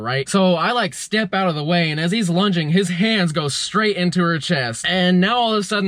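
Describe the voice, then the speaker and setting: A man's voice: a little high, a bit bright, no room sound, clean studio sound. A young man casually retelling a strange dream as a vlogger, rambling with lots of fillers. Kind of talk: casual storytelling.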